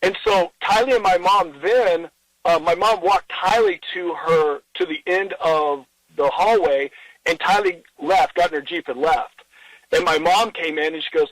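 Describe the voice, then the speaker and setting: A middle-aged man in an interview, telling a personal story in an earnest, halting way, with many restarts and quoted dialogue. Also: fairly high pitch, dry recording, rough recording.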